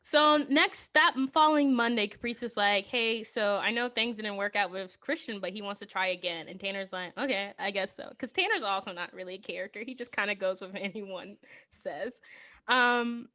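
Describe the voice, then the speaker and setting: Bright-voiced woman recapping a movie. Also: medium pitch, normal speed. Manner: animated storytelling with voiced quotes and frequent laughter. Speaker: podcast co-host recapping a film. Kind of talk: casual chat.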